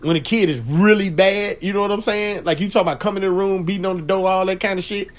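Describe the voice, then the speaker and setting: A man's voice: high-pitched, quick pace. A man hosting a radio talk show, telling stories in crude slang with a lot of laughter. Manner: animated storytelling, frequent laughter, crude slang. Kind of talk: casual chat.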